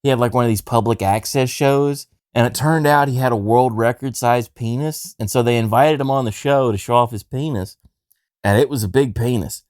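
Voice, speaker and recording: A man's voice: medium pitch, moderate pace, darkish tone, no room sound, clean studio sound. A man hosting a comedy podcast, telling rambling stories with crude jokes in casual chat. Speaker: podcast host.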